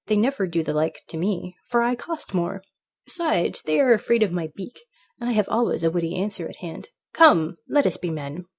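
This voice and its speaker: A woman's voice: mid-range voice, expressive, normal speed. Storybook parrot, male, conceited and chattering, read by a woman. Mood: smug. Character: boastful male pet parrot, smug and witty.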